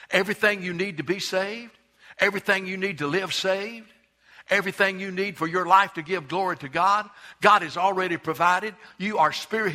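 A man preaching a sermon, emphatic, repeating words for stress and swinging between loud and hushed delivery. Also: sits high. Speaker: pastor.

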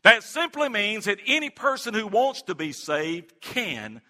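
A middle-aged man preaching from the pulpit, his high voice swooping with lively expression. His tone is bright and ringing. The sound carries a long reverb from the church around him. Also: a little slow. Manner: animated storytelling preacher, prayerful then lively. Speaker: pastor. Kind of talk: sermon. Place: church sanctuary.

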